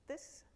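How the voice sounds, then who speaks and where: A middle-aged woman giving a conference keynote talk in a lively storytelling manner, slipping into quoted voices and asides to the audience. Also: slight background noise. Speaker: keynote speaker. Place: conference hall.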